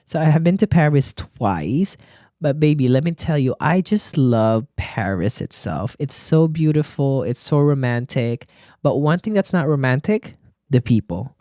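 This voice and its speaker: A man's voice: mid-range voice, expressive, a little slow, warm tone, no room sound. A man, a nurse hosting his own podcast, chatting in a sassy, gossipy way straight to his listeners from a studio. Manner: sassy, chatty, calls listeners bestie and baby. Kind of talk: casual solo podcast chat. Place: recording studio.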